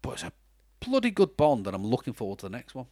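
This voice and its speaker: A man's voice: medium pitch, wildly swooping pitch, quick pace, dark tone, no room sound, clean studio sound. A man co-hosting a casual podcast, chatty and self-mocking, talking with lots of restarts. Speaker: podcast co-host. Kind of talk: casual chat.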